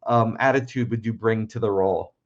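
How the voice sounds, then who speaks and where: A man's voice: lowish voice, steady tone, a little fast, highs cut off. A man hosting an interview, asking questions in a friendly, conversational way. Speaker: host, interviewer. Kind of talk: casual interview over video call.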